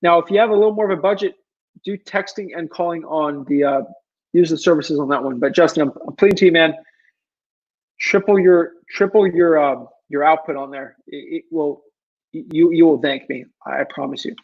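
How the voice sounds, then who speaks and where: A man's voice: a little high, normal speed, highs cut off. A man hosting a casual livestream Q&A, rambling and pleading, with many ums and restarts. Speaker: livestream Q&A host.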